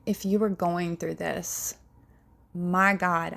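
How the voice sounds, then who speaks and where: A woman giving an earnest, compassionate Bible teaching talk, speaking deliberately. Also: fairly low pitch, steady tone, vocal fry.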